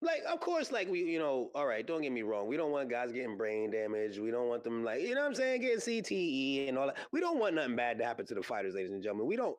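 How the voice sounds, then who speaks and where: A man hosting a podcast, chatting casually and rambling with lots of fillers and excited exclamations. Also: medium pitch, fast, hardly any pauses. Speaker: podcast host. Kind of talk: casual solo podcast chat about combat sports. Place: podcast studio.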